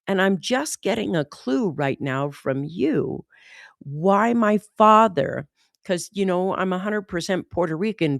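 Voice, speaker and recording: An American woman talking casually as a host, animated and often saying "like". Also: on the low side, vocal fry, no room sound, studio quality. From United States. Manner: animated, says "like" often, mimics accents. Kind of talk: casual conversation.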